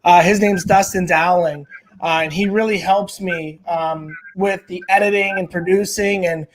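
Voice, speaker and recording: A man's voice: high voice, steady tone, normal speed, slight background noise. A man, a stand-up comedian and podcast guest, telling a story in casual, rambling, profane chat full of filler words.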